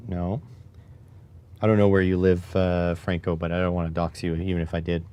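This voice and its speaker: A man's voice: sits low, little pitch movement, normal speed, warm tone, clean tone. A man chatting casually on a live stream while he builds electronics, rambling and joking at his own expense. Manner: rambling, joking, self-deprecating.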